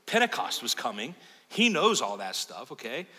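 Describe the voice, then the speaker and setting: A man's voice: mid-range voice, wildly swooping pitch, moderate pace, slightly rough. Impassioned preacher man in a reverberant sanctuary. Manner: impassioned preaching, swinging between loud urgent peaks and quiet asides. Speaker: pastor. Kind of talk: sermon. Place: church sanctuary. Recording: long hall reverb of a church sanctuary.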